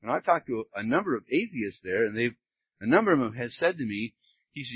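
A man's voice: mid-range voice, lively intonation, quick pace, husky, no echo, muffled recording. A man preaching a sermon as pastor, earnest and conversational, reading scripture aloud.

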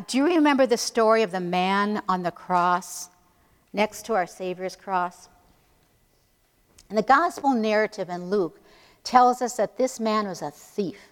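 Woman preaching in a reverberant hall. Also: medium pitch. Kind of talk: sermon.

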